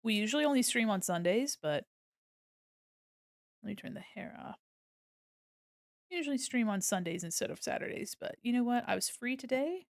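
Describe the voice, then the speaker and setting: A woman's voice: on the high side, animated, normal speed, creaky, pauses often, no echo, clean studio sound. A young woman chatting casually to her viewers while drawing on a live stream, giggly and self-deprecating. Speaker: art streamer.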